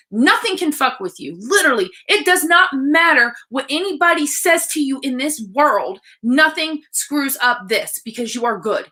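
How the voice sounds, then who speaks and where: Blunt, excited woman coach in her thirties; bright, slightly high voice, casual livestream delivery. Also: moderate pace, hardly any pauses. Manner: blunt, excited, swears freely. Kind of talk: casual live-stream talk.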